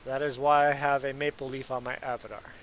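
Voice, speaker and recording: A man's voice: mid-range voice, flat delivery, a little fast, a bit bright, slight background noise, low-quality recording. A man from Canada whose first language is German, chatting casually with his viewers in a livestream Q&A and often laughing as he rambles. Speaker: trucker streamer answering chat.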